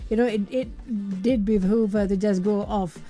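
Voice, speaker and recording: A woman's voice: medium pitch, fairly even intonation, moderate pace, dark tone, soft background music. A woman radio DJ chatting casually through an entertainment story, with rambling asides and a voice that is wearing thin. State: losing her voice. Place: radio studio.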